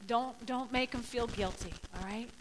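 A woman's voice: fairly high pitch, moderate pace, a little hiss or hum, poor audio. A woman pastor giving a sermon in an emphatic, conversational way, acting out the people she quotes.

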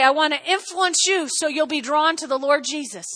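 A woman preaching a sermon in an animated way, often breaking off to ask "okay?" and acting out little scenes. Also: sits high, moderate pace. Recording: long hall reverb.

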